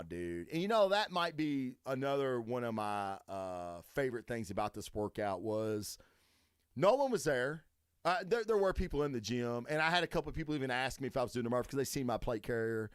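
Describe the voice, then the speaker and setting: A man hosting a solo podcast in a casual, profane rant that swings from low mutters to loud, high, emphatic bursts. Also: lively intonation, fast, clean tone, no echo, clean studio sound. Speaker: podcast host.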